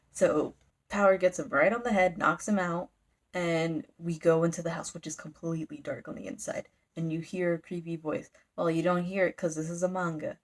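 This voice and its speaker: A woman recapping a manga in a casual, rambling chat, giggling and using lots of fillers. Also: lowish voice. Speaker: manga reviewer.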